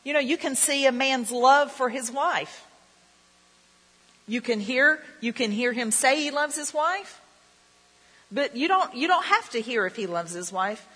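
Woman preaching, chatty, keeps asking the crowd stuff, bright voice, big echoey hall. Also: fairly high pitch, breathy edge. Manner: conversational, repeats herself, asks the audience questions. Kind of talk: sermon. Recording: long reverb of a hall.

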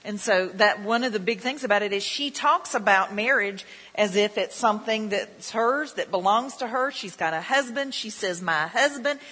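A woman's voice: mid-range voice, moderate pace, few pauses, pushed and bright, husky. A woman preaching a sermon in a chatty way, often asking the listeners questions. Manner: conversational, repeats herself, asks the audience questions. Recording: long reverb of a hall.

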